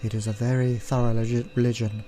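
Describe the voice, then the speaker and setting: Stern female cook in a text game, dry and reproachful, mellow low voice read by a man. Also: flat delivery, quick pace, faint music behind, natural voice. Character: sharp-tongued female cook, stern and pious.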